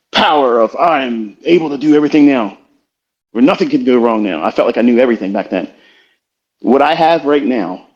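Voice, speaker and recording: A middle-aged man giving a reflective, confessional motivational talk as a trading educator in a live audio room, slow and halting. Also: mid-range voice, a little mellow. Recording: slightly muffled online audio stream.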